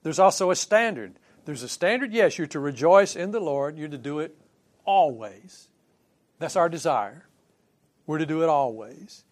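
A man preaching a sermon in a conversational way, putting questions to his congregation and swinging from quiet asides to emphatic points. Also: fairly high pitch, expressive, normal speed. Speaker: pastor.

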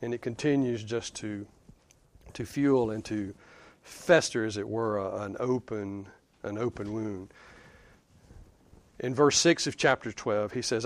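A man's voice: lowish voice, measured pace, long pauses, dry recording. A man with a Southern US accent preaching a sermon in a conversational, emphatic way, chuckling between points. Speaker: pastor.

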